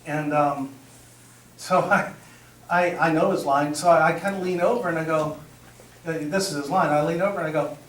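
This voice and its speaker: A middle-aged man with a fairly high voice runs a live training workshop. He tells lively stories and acts out the dialogue for his audience. The sound is roomy and picked up from a distance. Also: a little fast, a little hiss or hum. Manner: energetic storyteller, acts out dialogue, laughs at own jokes. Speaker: presentation skills trainer. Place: meeting room with audience.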